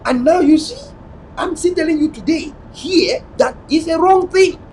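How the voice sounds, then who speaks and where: Man, high-pitched, preachy political commentary, faint noise behind. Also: normal speed, a little mellow, low-quality recording. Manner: preachy, repetitive, mixes in pidgin. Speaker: online show host.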